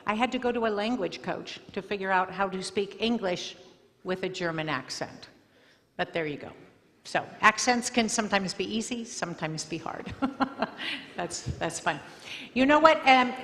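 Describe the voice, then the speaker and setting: A woman storyteller and singer answering student questions at a school assembly in a chatty, expressive way. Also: mid-range voice, unhurried. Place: school auditorium. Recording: long hall reverb, faint music.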